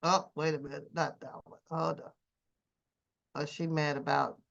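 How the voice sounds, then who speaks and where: A woman's voice: low-pitched, flat delivery, moderate pace, creaky, a bit bright. A woman hosting a reaction livestream, talking in a drawling, profane, mocking way. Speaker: reaction channel host. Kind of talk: casual livestream commentary. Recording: dull lo-fi home stream audio.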